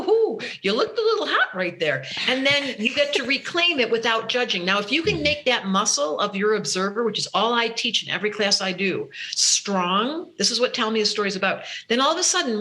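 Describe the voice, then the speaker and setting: A woman being interviewed as a spiritual teacher, talking in an expressive, earnest way. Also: fairly high pitch. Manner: expressive, earnest, laughs into her words. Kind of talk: animated interview talk.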